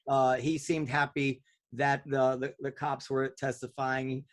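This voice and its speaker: A man's voice: mid-range voice, level tone, unhurried. A man hosting a casual panel talk, rambling with many fillers and restarts. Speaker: podcast host.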